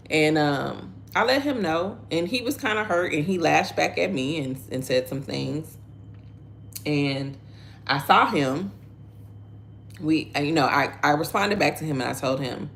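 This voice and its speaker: A woman's voice: sits low, creaky, a bit bright, a little hiss or hum. A middle-aged woman hosting a casual devotional talk, earnest and conversational, reading viewer comments aloud. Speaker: devotional host.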